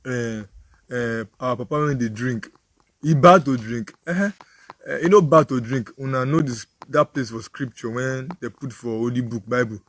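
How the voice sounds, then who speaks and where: A man's voice: mid-range voice, normal speed, a bit bright. A man with a Nigerian accent, a preacher giving a moral talk full of vivid, repetitive storytelling.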